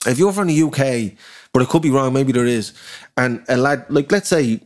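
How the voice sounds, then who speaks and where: Dublin working-class accent, mid pitch, lively and profane, easy podcast chatter. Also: male voice, normal speed. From Ireland. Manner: animated, swears freely, slips into impressions of others. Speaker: guest rapper. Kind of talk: casual podcast chat.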